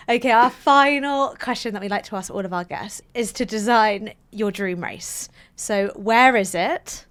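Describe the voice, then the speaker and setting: A woman co-hosting a podcast, chatting and firing off quick questions. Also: mid-range voice, fairly bright tone. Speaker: podcast co-host. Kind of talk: casual podcast chat.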